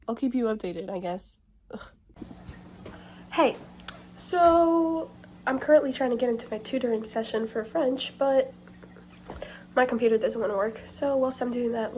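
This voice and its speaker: A woman's voice: a little high, a little hiss or hum, rough recording. Teenage girl ranting in a book vlog. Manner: candid and dramatic, shifting between whispering and loud complaint. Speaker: book vlogger. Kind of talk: casual reading vlog. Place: bathroom.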